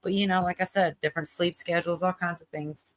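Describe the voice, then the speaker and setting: A woman's voice: on the low side, steady tone, quick pace. A woman hosting a livestream, chatting casually and rambling with lots of fillers while she reacts to a video. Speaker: livestream host.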